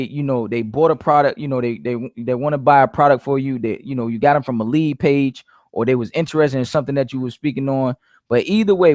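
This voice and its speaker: Speaking in a mid-range, slightly mellow voice, a man coaches network marketing sales casually. He repeats points emphatically and keeps calling his audience "guys." The recording is dry.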